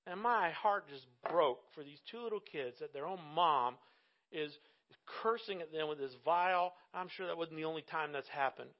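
A high-voiced male pastor in his fifties delivers a conversational sermon and leans hard into his emphatic lines. The recording sounds dull and lo-fi. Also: moderate pace. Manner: conversational preaching with strong emphatic swells.

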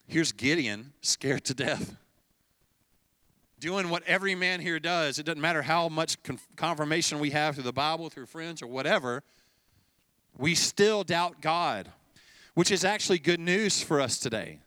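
A man preaching a sermon as pastor, telling stories in a relaxed, conversational way and acting out bits of dialogue. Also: a little high, moderate pace, no room sound. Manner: conversational storytelling, acting out dialogue with light laughs.

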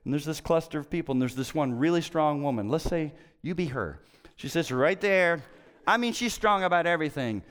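A middle-aged male pastor delivering a conversational sermon, his voice smooth and resonant and pitched a little high for a man. He tells stories with animated swings, punching some words loudly and dropping others to a hush. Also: fairly quick, in a large hall. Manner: conversational storytelling, animated swings from loud to hushed.

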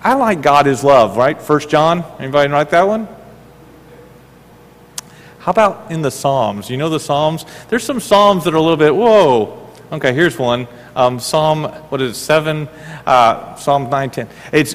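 A middle-aged man preaching a sermon as pastor, animated and full of rhetorical questions, often repeating his words. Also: a little high, normal speed. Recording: reverberant hall.

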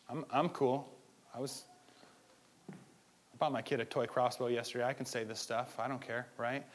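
A man preaching a sermon as pastor, talking conversationally and moving from quiet asides to loud pleading. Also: medium pitch.

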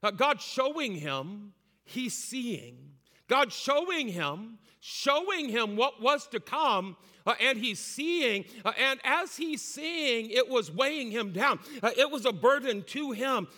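A pastor with an unusually high, bright, forceful voice preaches with passion, repeating phrases and filling pauses with "uh". His voice rings with long reverb from a church hall. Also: lively intonation. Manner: impassioned preaching, frequent "uh" fillers and repetitions. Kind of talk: sermon.

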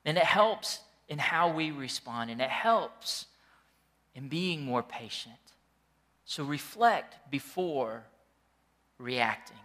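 Man, pastor, sermon, middle-aged, bright crisp voice, animated storyteller. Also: fairly high pitch, takes it slowly. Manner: animated, jokey storytelling with the congregation.

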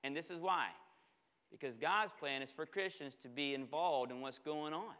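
A man preaching a sermon as pastor, telling stories in an animated way and acting out the dialogue. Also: a little high, moderate pace, in a large hall. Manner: animated storytelling, acts out dialogue. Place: church sanctuary.

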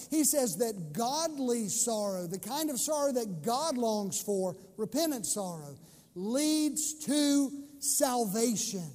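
A male pastor preaches with passion, leaning hard on key words and drawing phrases out slowly. His voice sits unusually high for a man. A long reverb rings after his lines, as in a big church sanctuary. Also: a little mellow. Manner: impassioned preaching with slow emphatic phrases. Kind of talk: sermon.

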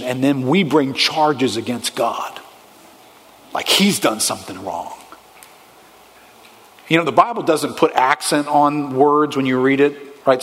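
A man preaching a sermon as pastor, emphatic, pushing stressed words up high and then dropping low. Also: long reverb tail. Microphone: handheld or headset microphone.

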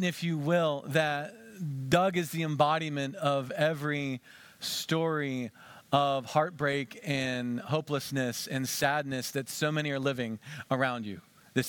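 A male pastor delivering a lively sermon in a slightly high voice. He acts out little conversations with a volunteer. The sound is close and dry. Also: no echo.

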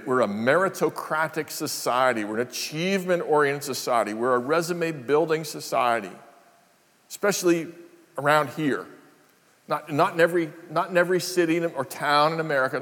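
An older man preaching a sermon, earnest and reflective, often repeating his phrases. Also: fairly high pitch. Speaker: pastor. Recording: long hall reverb.

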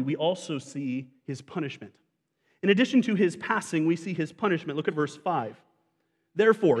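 Pastor, male, slightly higher voice, conversational sermon that puts questions to the listeners, long reverb of a church hall. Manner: conversational preaching, asks the congregation questions.

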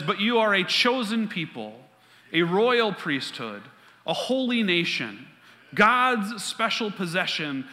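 A man preaching a sermon as pastor, emphatic, repeating key lines, with quick asides. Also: fairly high pitch, sharp tone. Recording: long reverb of a large hall.

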